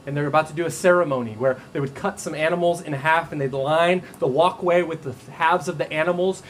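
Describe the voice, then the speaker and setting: A male pastor preaching a sermon to a congregation, animated and playful, acting out the voices in his stories. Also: on the high side, a little hiss or hum. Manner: animated, acts out quoted voices with humor. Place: church stage before a congregation.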